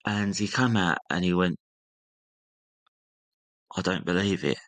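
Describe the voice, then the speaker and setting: A young man speaks in a low voice, casually recounting a personal story. He animates it by acting out what his relatives said. The recording is close and dry. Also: a little slow, no room sound. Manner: animated retelling, acting out family members' lines. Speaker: guest.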